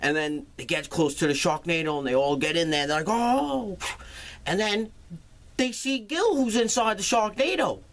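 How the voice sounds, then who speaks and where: A man's voice: fairly high pitch, moderate pace, a bit bright. A man recapping a film's plot in a casual, sarcastic way, swearing freely as he goes. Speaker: movie reviewer.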